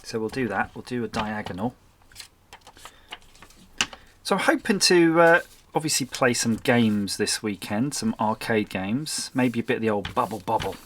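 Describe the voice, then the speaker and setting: A man's voice: mid-range voice, moderate pace, a bit bright, a little hiss or hum. A man hosting a crafting channel, chatting casually and mocking himself while he works, with muttered asides. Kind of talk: casual chat while making a collage.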